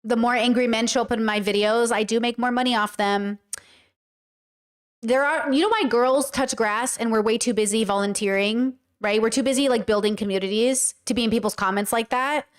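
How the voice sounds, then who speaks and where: A woman's voice: fairly high pitch, fairly quick, clean tone. A woman talking to her livestream chat in a blunt, emphatic way, swearing casually as she comments. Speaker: streamer and commentator.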